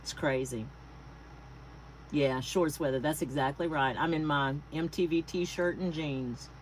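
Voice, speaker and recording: In a low, slightly slow voice, this middle-aged woman from Texas chats with her craft livestream viewers in a Southern accent, greeting them by name. A faint air conditioner hum sits under the rough recording.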